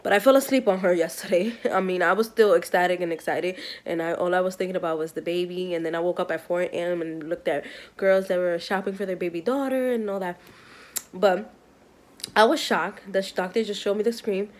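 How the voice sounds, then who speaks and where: A woman's voice: fairly low pitch, a little fast. Giddy, rambling pregnant woman vlogger. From New York. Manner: excited, giggly, rambling. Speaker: vlogger, mother of five. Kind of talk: casual vlog chat to camera.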